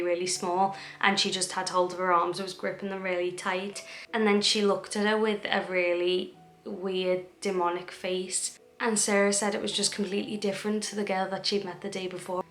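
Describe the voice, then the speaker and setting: A woman's voice: medium pitch, a bit bright. A young woman vlogger retelling a true crime story in a chatty way, acting out the quoted dialogue. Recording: echoey room.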